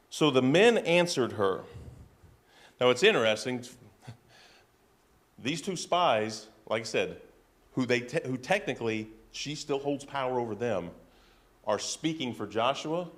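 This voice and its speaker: A male pastor preaching a sermon in a conversational way, with offhand asides and emphatic repetition. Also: medium pitch.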